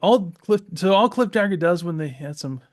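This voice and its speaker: A man from the Southeastern US chats casually on a podcast, rambling and circling back through fillers. His voice sits a bit higher than most men's. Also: expressive, normal speed, darkish tone. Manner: rambling, many fillers and restarts. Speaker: podcast co-host. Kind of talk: casual chat.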